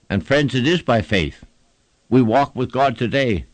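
A man's voice: mid-range voice, expressive, unhurried, no echo. A man preaching a sermon with emphatic, rhythmic repetition and an old-fashioned preaching cadence.

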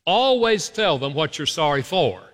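Animated male preacher with a bright voice. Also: on the high side, moderate pace. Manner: animated storytelling with emphatic rises. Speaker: pastor. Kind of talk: sermon on apology. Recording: long hall reverb.

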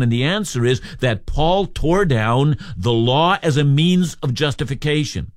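A man's voice: medium pitch, expressive, a little slow, hardly any pauses, no echo, clean studio sound. A man preaching an expository sermon, emphatic and earnest as he explains a scripture passage. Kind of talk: sermon on a radio Bible program.

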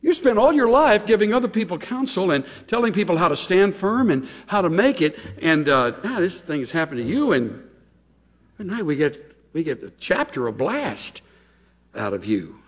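A middle-aged man preaching a chatty, conversational sermon with animated, folksy asides. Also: high voice, moderate pace. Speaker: pastor. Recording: long hall reverb.

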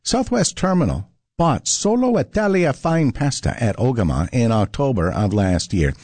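Male radio host, morning show, lively pitch, dry close mic. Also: moderate pace, no room sound. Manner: upbeat, lively delivery. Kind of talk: morning radio news and chat.

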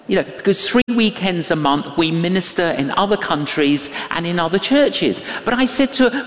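Man, preacher, slow deliberate sermon, very lively pitch, echoey hall, a little distant. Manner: animated storytelling, acts out voices, big pitch swings. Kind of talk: sermon with anecdotes. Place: church or large hall.

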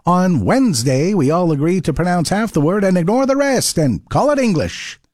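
A man's voice: high-pitched, very animated, moderate pace, a little mellow, no echo, clean studio sound. A man with a Canadian accent delivering a wry, playful scripted radio segment. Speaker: radio host.

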